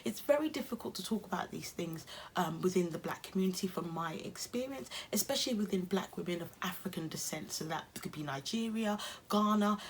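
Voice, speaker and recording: A woman's voice: fairly low pitch, animated, fairly quick, a little hiss or hum. A young adult woman with an English accent, talking earnestly and encouragingly to camera in a self-care vlog. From England. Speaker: YouTuber.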